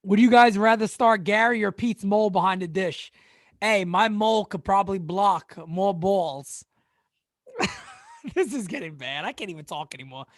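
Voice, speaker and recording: A man's voice: sits high, normal speed, no echo, clean studio sound. Joking, stammering male live-streamer. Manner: joking, laughs often, stammers and repeats. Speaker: sports channel host. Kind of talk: casual live-stream chat.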